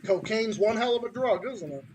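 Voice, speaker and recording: A man's voice: sits high, animated, moderate pace, background noise. A man from Massachusetts with a Massachusetts accent, hosting a podcast in a heated, profane ranting style. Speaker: podcast host.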